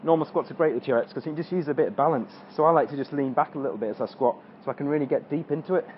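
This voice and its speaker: A man's voice: on the high side, very fast, dull audio, a little hiss or hum. A man coaching an exercise tutorial, talking through squats as he demonstrates them and straining during the reps. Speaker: fitness coach.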